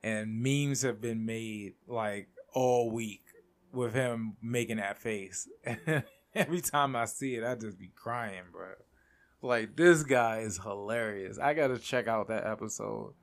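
Excitable young man rambling on a podcast. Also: fairly low pitch, measured pace. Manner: excitable, laughs often, rambling with restarts. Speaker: podcast host. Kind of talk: casual solo podcast chat.

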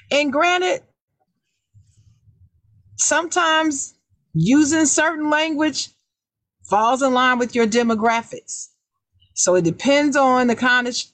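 Woman podcast host, loud raised voice, emphatic, highish pitch, dry close sound. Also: no room sound. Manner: emphatic, repeats key words; deliberately raised, loud speaking voice. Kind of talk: casual advice chat.

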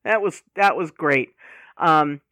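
A woman's voice: low voice, lively intonation, a little slow, dry recording, clean studio sound. A woman co-hosting a casual podcast chat, with many fillers, laughs and sighs. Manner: chatty, lots of fillers, laughing, sighing. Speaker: podcast co-host.

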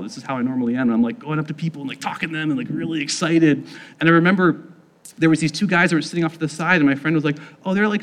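A man recounting a personal experience in a casual, conversational way, filling his speech with "like" and acting out what people said. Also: a little high. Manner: casual, heavy use of "like", acts out quoted voices. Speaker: storyteller. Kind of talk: personal testimony.

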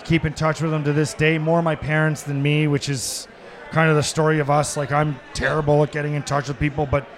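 A middle-aged man from Canada, a podcast guest telling stories and acting out quotes, laughing and shouting at the punchlines. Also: on the high side, little pitch movement, brisk. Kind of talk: animated storytelling. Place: sports bar, live taping.

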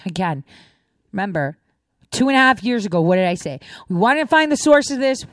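A woman's voice: a little high, lively intonation, normal speed, no echo. A woman giving an indignant political monologue, ranting and firing off rhetorical questions. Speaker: political commentator. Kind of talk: opinionated monologue.

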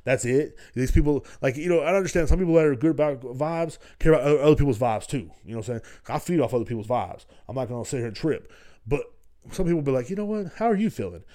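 Rambling through a casual solo podcast, this host from Texas is blunt and swears constantly. He speaks fast in a mellow, mid-range voice.

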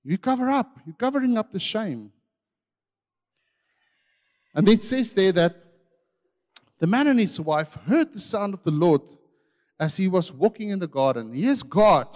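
A man preaching a sermon with passion, swinging between loud and hushed. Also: sits high, lively intonation, a little slow, long pauses, long reverb tail.

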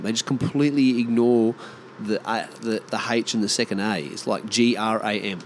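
A man's voice: medium pitch, normal speed, a little hiss or hum. A man with an Australian accent, rambling in a casual monologue and ranting bluntly with plenty of swearing.

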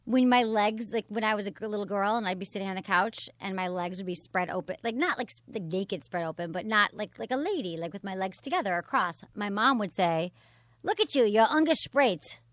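A woman hosts a podcast in loose, chatty conversation, often laughing and letting sentences fade off softly. Her voice sits at a middling pitch for a woman. The recording is close and dry, with no room sound around her. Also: brisk, hardly any pauses, no echo. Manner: chatty, laughing, trailing off quietly. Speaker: podcast host. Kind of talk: casual chat and sponsor reads.

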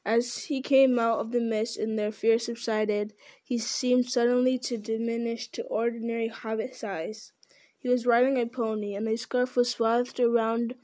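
A woman reading a novel aloud in a steady, unpolished way, with small slips and restarts. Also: a little high.

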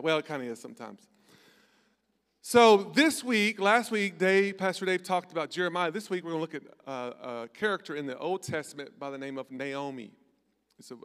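A man's voice: fairly high pitch, fairly bright tone, smooth. A male pastor preaching a casual, joking sermon with call-and-response, on a stage mic in a large church. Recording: long church hall reverb.

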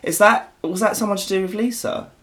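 A man's voice: high voice, a little fast, pushed and bright. Sweary, rambling man in his thirties. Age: 30s. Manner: sweary, rambling and self-mocking. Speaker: podcast co-host. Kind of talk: casual chat.

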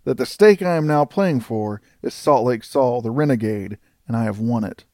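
A man voicing a stern, cool-headed male frontier scout in an audiobook, speaking in a measured way. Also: medium pitch, lively intonation, darkish tone, dry recording, studio quality, natural voice.

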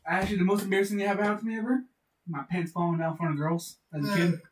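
A man chatting casually with friends, excitable, laughing loudly and jumping in. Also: high voice, very fast, echoey room. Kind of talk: casual chat among friends. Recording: distant mic with faint noise.

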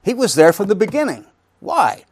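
A man's voice: high-pitched, wildly swooping pitch, normal speed, no room sound, clean studio sound. A middle-aged man teaching a Bible study, reading scripture aloud, then explaining it with rhetorical questions and frequent restarts.

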